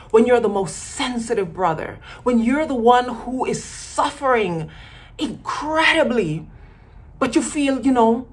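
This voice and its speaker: A woman's voice: fairly high pitch, slightly rough. A woman giving a casual commentary monologue as a vlogger, emphatic and acting out quoted voices.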